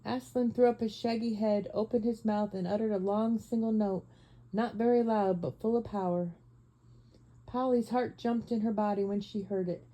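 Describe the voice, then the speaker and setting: Woman reading a story, very mellow voice. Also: medium pitch, low-quality recording. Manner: measured, expressive storytelling. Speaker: audiobook narrator. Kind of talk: audiobook reading.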